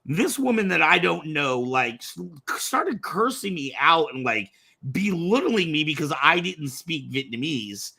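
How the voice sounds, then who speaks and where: A man co-hosting a podcast, telling a personal story in relaxed casual chat. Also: on the high side, unhurried, gravelly, husky. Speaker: podcast co-host.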